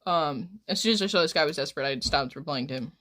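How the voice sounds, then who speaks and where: Brief: twenties woman streamer, slightly low voice, rambling and crude, casual chat. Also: fast, noisy background. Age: 20s.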